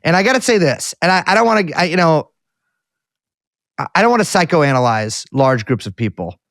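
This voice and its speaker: A man's voice: a little high, big pitch swings, a little fast, fairly bright tone, dry recording, clean studio sound. A man co-hosting a podcast, telling a rambling, self-deprecating story in casual chat with lots of restarts. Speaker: podcast co-host reporting back.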